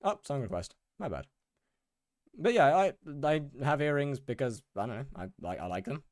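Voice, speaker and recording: This young man from the UK is very animated as he talks with viewers during a gaming stream, using a mid-range voice at normal speed. He stammers and repeats words a lot. The audio is studio quality with no echo.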